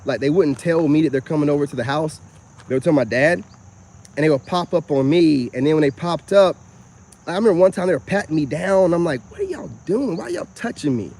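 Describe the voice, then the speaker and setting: A man, rambling through a personal story in a casual, animated monologue. He keeps coming back to "you know what I'm saying". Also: on the high side, a little fast. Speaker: self-styled spiritual vlogger.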